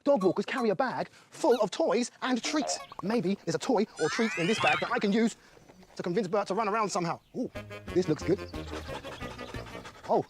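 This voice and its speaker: A man's voice: high voice, lively intonation, normal speed. A man playing a cheerful, bumbling dog walker in a children's show, chatting away to his dog. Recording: voice over loud background music.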